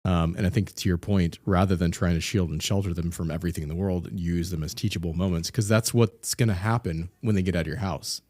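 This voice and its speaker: Low-voiced man, relaxed and hesitant. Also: fast, hardly any pauses, no echo. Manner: relaxed, hesitant, many fillers. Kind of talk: casual podcast chat.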